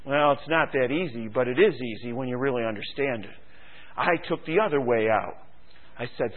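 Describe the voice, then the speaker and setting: A man preaching a sermon, swinging from quiet musing to loud, fervent exhortation and firing rhetorical questions at the congregation. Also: medium pitch, moderate pace. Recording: tinny phone-like radio broadcast.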